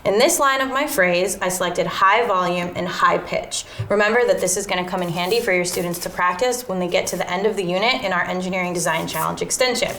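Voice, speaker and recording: A woman explaining a classroom music activity step by step, in a clear and methodical way. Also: fairly low pitch, fast talker, few pauses, a bit bright, echoey room, a little hiss or hum. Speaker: teacher. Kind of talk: instructional lesson narration.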